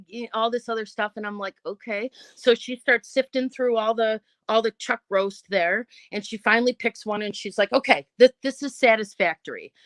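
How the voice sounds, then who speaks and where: A woman's voice: a little high, dry recording. A woman hosting her own channel, telling a long story and acting out every line of dialogue. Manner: animated, acts out quoted voices. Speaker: channel host. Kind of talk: live-stream storytelling. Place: indoors at home.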